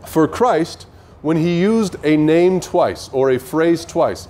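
Male Bible teacher, somewhat high voice, emphatic, keeps asking the audience questions. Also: big pitch swings, a little slow, a little mellow, slight background noise. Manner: emphatic, asks rhetorical questions. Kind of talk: online Bible study teaching.

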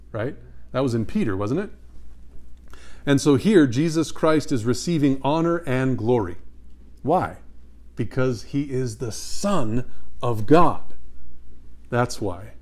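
A man leads a Bible study in a medium-pitched, slightly mellow voice with lively intonation. He reads scripture slowly and emphatically and puts questions to his listeners.

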